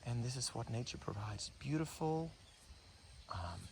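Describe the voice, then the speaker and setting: The breathing coach's unhurried, mid-range voice has lively intonation and vocal fry as he films wildlife outdoors on a morning walk. His hushed, unscripted commentary wanders and restarts as he thinks aloud in wonder. Insects and birds can be heard throughout.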